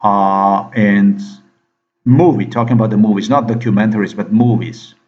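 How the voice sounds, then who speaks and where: A man's voice: on the low side, steady tone, normal speed, dull audio. A man delivering a rambling, agitated monologue, firing questions at the listener and repeating himself. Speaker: vlogger.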